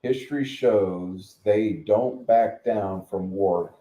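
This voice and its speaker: Slow, low-voiced man ranting casually. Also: mellow. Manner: blunt, profane, rambling. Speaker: channel host. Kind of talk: casual rant. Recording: echoey room.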